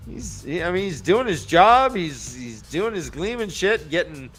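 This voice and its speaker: A man's voice: sits high, sing-song, a little slow, a bit bright, faint music behind. A man hosting a casual book discussion podcast, loosely recapping chapters with asides and some swearing. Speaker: podcast host.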